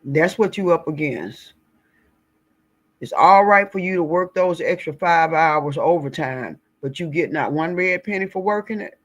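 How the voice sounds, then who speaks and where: A woman's voice: low voice, lively intonation, measured pace. Blunt woman. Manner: blunt, indignant, folksy. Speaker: political commentary vlogger. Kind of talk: casual political commentary. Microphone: screen-share recording.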